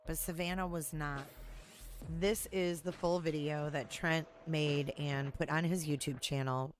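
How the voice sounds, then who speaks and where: Serious, low-pitched woman host. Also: fairly even intonation, measured pace, soft background music. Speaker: podcast host. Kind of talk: true-crime podcast narration.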